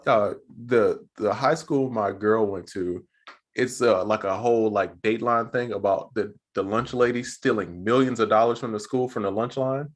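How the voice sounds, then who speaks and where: A man's voice: on the low side, moderate pace. Slangy man telling stories on a podcast. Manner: slangy, animated storytelling. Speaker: podcast co-host. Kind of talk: casual chat.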